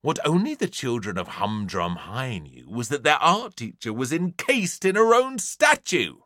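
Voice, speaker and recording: Brief: British man, slow, bright and very animated comic storybook reading. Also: mid-range voice, no echo, clean studio sound. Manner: theatrical, playful voices. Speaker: audiobook narrator.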